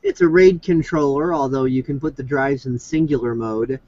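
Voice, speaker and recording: A man hosting a casual podcast chat, teasing and quick with jokes. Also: medium pitch, darkish tone, no room sound. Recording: muffled lo-fi call audio.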